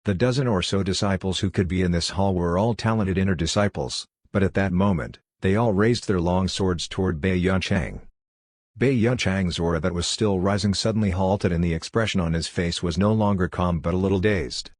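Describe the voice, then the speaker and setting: Deep-voiced male audiobook narrator. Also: moderate pace, a little mellow, no room sound, studio quality. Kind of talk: scripted narration.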